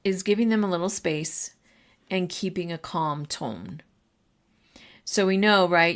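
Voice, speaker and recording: A woman with a somewhat low voice speaks in a relaxed, conversational way. She hosts a podcast for teachers and addresses her listeners directly as she shares advice. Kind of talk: casual advice talk.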